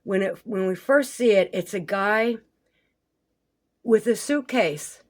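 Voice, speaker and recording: A woman's voice: medium pitch, takes it slowly. A woman giving rambling, conspiratorial commentary over a video as a vlogger. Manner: rambling, conspiratorial, swears casually.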